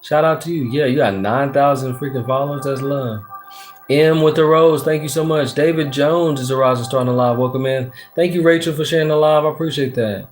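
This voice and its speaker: A man from Texas, casually chatting on a livestream as a tarot reader. He reads comments aloud, uses slang, swears freely and gives a lot of shout-outs. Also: medium pitch, fairly even intonation, brisk, soft background music.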